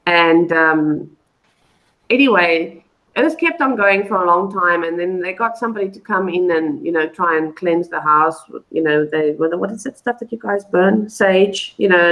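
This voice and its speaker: A woman's voice: lowish voice, normal speed, a bit bright, low-quality recording. A woman, a guest on a live online show, telling a personal story in a loose, rambling way full of fillers and restarts. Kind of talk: casual storytelling.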